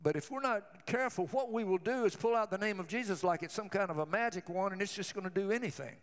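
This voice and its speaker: High-voiced fervent male preacher. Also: fast talker, in a large hall. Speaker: pastor. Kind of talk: sermon.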